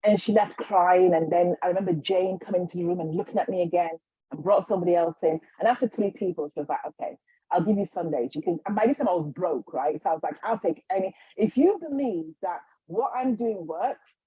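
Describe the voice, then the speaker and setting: A woman being interviewed as a guest healer, telling her story in a lively way and acting out the voices of the people in it. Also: on the low side, a little fast, slightly rough, dry recording. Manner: animated, acts out quoted voices. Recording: slightly dull lo-fi recording.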